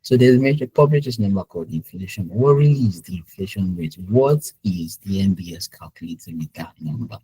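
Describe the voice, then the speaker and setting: A man's voice: sits low, expressive, fairly quick, few pauses, dark tone, husky, low-quality recording. A man giving a live webinar lesson, talking in a conversational way, asking the audience questions and often adding "right?". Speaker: webinar presenter, business intelligence specialist. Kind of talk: live online teaching webinar.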